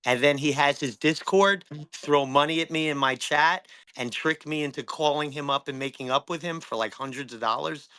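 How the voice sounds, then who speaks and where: A man's voice: on the high side, moderate pace, few pauses, pushed and bright, clear, resonant tone. A man in his fifties, a streamer as a guest, talking in an agitated, profane way and repeating himself. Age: 50s. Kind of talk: heated conversation.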